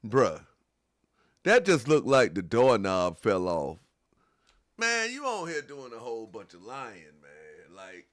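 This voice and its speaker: A man's voice: medium pitch, sing-song, slow, long pauses, no room sound. A man hosting a call-in show, commenting on a clip in a casual, slangy, mocking and scolding way.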